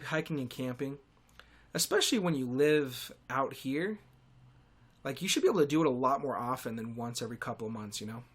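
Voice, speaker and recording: A man's voice: medium pitch, fairly bright tone. A young man hosting a podcast, rambling through a comedic monologue with sarcastic, self-deprecating asides and frequent restarts. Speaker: podcast host.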